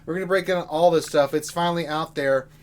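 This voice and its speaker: A man's voice: on the high side, fairly even intonation, a little fast, a little hiss or hum. A man co-hosting a game livestream in casual chat, joking and talking straight to his viewers in a rowdy way. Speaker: livestream co-host.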